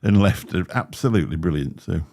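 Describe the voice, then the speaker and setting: A man's voice: deep voice, animated, fairly quick, gravelly, darkish tone. A man hosting a livestream, chatting in a rambling way with a slight lisp and frequent laughs. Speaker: livestream host. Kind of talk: casual chat. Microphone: desk microphone.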